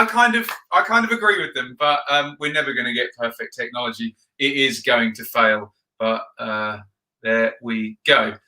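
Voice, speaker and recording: A man's voice: fairly high pitch, sharp tone. A man hosting a football video, chatting casually and rambling with frequent ums while he reads out viewer comments. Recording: roomy echo.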